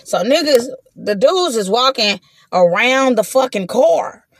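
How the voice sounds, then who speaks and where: A woman telling a story straight to her viewers in a casual, animated way, swearing freely and acting out what she said at the time. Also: fairly high pitch, measured pace, slightly rough, no room sound, studio quality. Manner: animated, profane, acts out her own quotes; talks straight to the audience with slangy asides.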